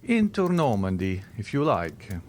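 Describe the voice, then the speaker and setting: A man reading the part of a mysterious, reserved count who speaks in a measured, sighing way. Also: on the low side, huge pitch swings, darkish tone, a little hiss or hum.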